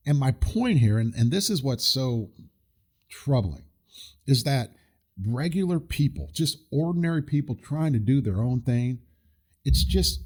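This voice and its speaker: Man, podcast host, casual chat, indignant, rambling, restarts a lot, mid pitch. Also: a little mellow, husky.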